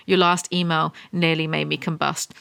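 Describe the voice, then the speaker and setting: A woman's voice: low voice, flat delivery, normal speed, creaky, fairly bright tone, smooth. A woman reading aloud the teasing emails of a flirtatious, wealthy male love interest from a romance novel.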